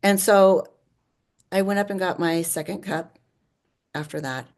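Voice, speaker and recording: A woman, a podcast guest, telling a personal story in lively conversation, often saying "like" and laughing as she goes. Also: on the low side, unhurried. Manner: animated, often says "like" and laughs.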